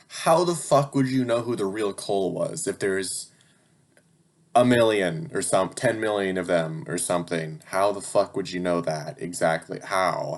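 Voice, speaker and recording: A young man reading his childhood stories aloud, breaking off for incredulous, sarcastic, swearing asides. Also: sits low. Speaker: channel host.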